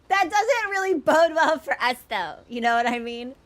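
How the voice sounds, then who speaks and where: A woman's voice: high voice, lively intonation, a little slow. A young woman streaming a video game, chatting in a playful, giggly, rambling way. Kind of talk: casual gaming stream chat.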